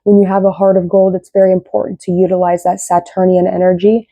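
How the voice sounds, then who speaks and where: A young woman reads tarot in a loose, rambling way, checking in with "right?" again and again. Her low voice has a gravelly fry and a dark, mellow tone. It sounds dry and close, with almost no room around it. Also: level tone, fast, dry recording. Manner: rambling, tags sentences with "right?". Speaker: tarot reader. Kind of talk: casual tarot reading.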